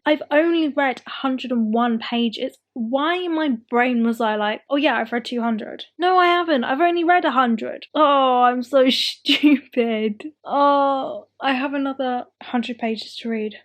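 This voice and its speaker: Chatty young woman, slightly high. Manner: self-deprecating, rambling, thinks aloud. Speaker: book vlogger. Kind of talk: casual chatty vlog.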